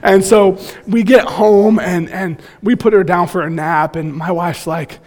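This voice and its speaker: A man in his thirties preaching a sermon, telling stories in an animated, joking way. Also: high voice, measured pace. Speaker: pastor.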